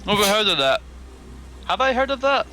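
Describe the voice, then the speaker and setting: A man with a bright, forceful voice, a little higher than most, chatting as a player in a tabletop game. He hedges and asks questions as he talks, with faint music behind him. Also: big pitch swings, a little fast, poor audio. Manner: hesitant, questioning. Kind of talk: casual tabletop game chat.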